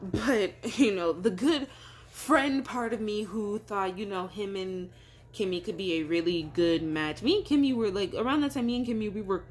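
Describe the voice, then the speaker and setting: Woman vlogger, loose chatty storytelling, acts out dialogue, mid pitch. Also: moderate pace, slight background noise. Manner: rambling, filler-heavy, acts out quoted dialogue. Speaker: vlogger telling a personal story. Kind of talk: casual storytime chat.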